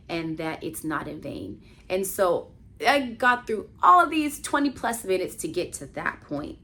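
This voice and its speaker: An American woman vlogger with a fairly low voice tells a personal story in a casual, animated way. She fills it with "like" and swings between hushed tones and exclamations.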